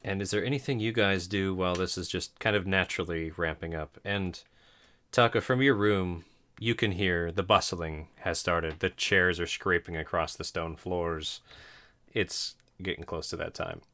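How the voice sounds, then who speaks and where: A man with a deep, low voice runs a tabletop game, describing the scene for his players. He rambles along casually, often laughing and stumbling over tricky words. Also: fairly even intonation, moderate pace, a bit bright. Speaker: game master.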